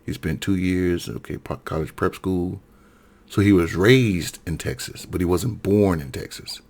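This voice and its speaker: Low-voiced man ranting about politics. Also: unhurried, a little mellow. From Alabama, USA. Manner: heated, repetitive, self-correcting. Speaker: political commentator. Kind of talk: solo political rant.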